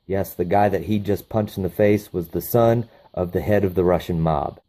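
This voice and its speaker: A man recaps a movie plot in a casual, profane, enthusiastic way. His voice sits on the low side for a man. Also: moderate pace, hardly any pauses, dark tone, a little hiss or hum. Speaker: movie reviewer.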